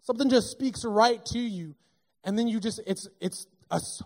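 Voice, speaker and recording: A man with a notably high voice delivers a sermon in a church. He preaches in an animated, casual way, joking with the congregation as he teaches. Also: moderate pace. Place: church sanctuary.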